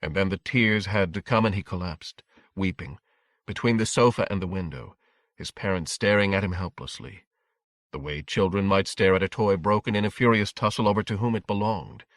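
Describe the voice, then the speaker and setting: Male audiobook narrator, low, dry close sound, steady pacing. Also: normal speed, no room sound.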